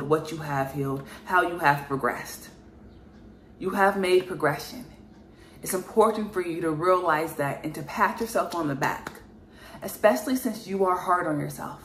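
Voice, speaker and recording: A woman giving an earnest spiritual reading to camera, emphatic and repeating herself, with frequent sighs. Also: deep voice. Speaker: spiritual reader. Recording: echoey room with faint noise.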